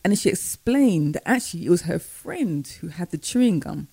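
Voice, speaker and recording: Woman, parent guest, warm low tone, animated storyteller, dry close mic. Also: moderate pace, gravelly, slightly rough, no room sound. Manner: animated storyteller, acts out her own reactions. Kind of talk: storytelling in a casual faith-based conversation.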